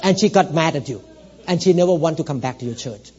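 A middle-aged man preaching a sermon as pastor, earnest, moving from hushed storytelling to loud exhortation and calling for amens. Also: a little high, expressive, quick pace, breathy edge. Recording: dull lo-fi church recording.

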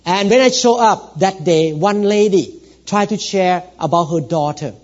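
A man with a notably high voice preaches a sermon to his congregation, earnest and personal. He drops to hushed storytelling, then rises into loud exhortation, asking for amens. The recording is dull and lo-fi. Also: a little slow. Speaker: pastor.

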